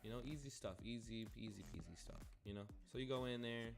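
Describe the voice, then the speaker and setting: A man's voice: mid-range voice, fast, gravelly, over music. A young man casually telling a rambling, profane story while playing a game. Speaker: gaming streamer.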